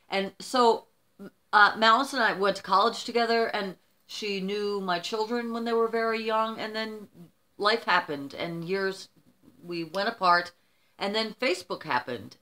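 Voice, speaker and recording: A woman's voice: fairly low pitch, bright, forceful tone. Gushing middle-aged woman vlogger. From United States. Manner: emotional, gushing, rambling. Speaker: vlogger opening gifts. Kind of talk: casual chat to camera.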